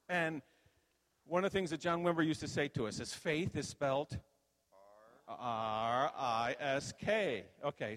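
An older man telling a playful, animated story as a sermon, acting out voices in the telling. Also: a little high. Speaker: pastor. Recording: reverberant hall.

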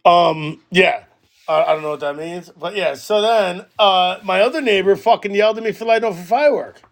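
A man, co-hosting a podcast and telling a story in casual chat, animated and swearing a lot. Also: high voice, fairly quick, vocal fry. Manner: animated, swears a lot, loudly acts out quoted arguments. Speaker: podcast co-host.

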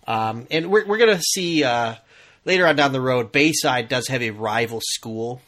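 A podcast host from the US Midwest chats casually about a TV show, laughing often. His mid-range voice is fairly bright and moves at a normal speed.

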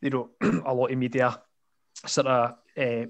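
A man with a Scottish accent telling a funny story in casual chat, animated and laughing often. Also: medium pitch, unhurried. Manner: animated, laughs often, lots of fillers and asides. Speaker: podcast guest storyteller.

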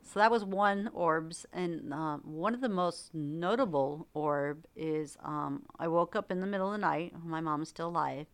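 A middle-aged woman co-hosting a podcast, telling a ghost story in a casual, animated way with laughs and acted-out quotes. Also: sits low, moderate pace, hardly any pauses, clear, resonant tone. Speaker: podcast co-host.

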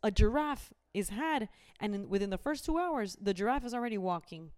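A woman's voice: mid-range voice, animated, brisk, darkish tone. A young woman, chatting animatedly and dropping in Spanish phrases. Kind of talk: casual chat.

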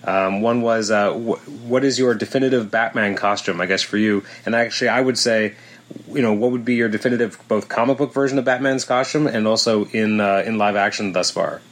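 A man's voice: fairly low pitch, brisk. A male podcast host asking interview questions, stammering a little as he starts.

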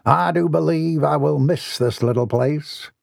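A wealthy older villain talks down to a woman with smooth, patronizing calm, as a male reader plays him. His voice is gravelly and husky. It is recorded close and dry. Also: a little high, measured pace, no echo, pitched above the performer's own voice, exaggerated voice. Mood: smug.

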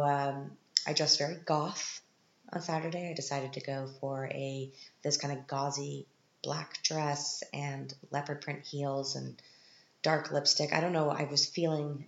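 A woman podcast host telling chatty stories from her week in a casual monologue, animated, with sudden high-pitched quoted reactions. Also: a little slow, creaky. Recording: roomy, muffled home recording.

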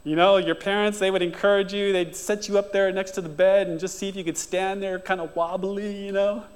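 A male pastor giving an encouraging sermon, then leading a prayer. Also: brisk. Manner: warm encouraging preaching, rising to animated high-pitched mimicry. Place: church sanctuary. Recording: long church reverb with soft guitar. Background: soft guitar music.

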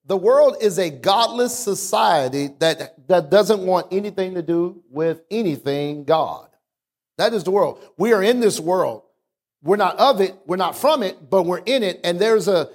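A male pastor preaching a sermon, calling out to the congregation and stretching out words for emphasis. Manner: preaching with call-outs to the congregation; swings from low explaining talk to raised, drawn-out emphasis.

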